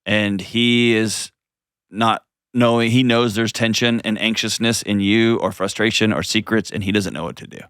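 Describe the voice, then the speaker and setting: A man with a lowish voice hosts an advice call-in show, coaching a caller earnestly and gently. He often restarts sentences as he thinks aloud. The studio sound is dry and close. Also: steady tone, normal speed, clear, resonant tone, no echo. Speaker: host.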